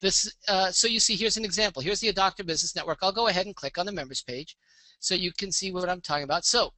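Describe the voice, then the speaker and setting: A man presenting a live online business pitch, walking through a website demo with an upbeat sales manner and frequent "okay?" check-ins. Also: fast, pushed and bright, no room sound. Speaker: webinar presenter.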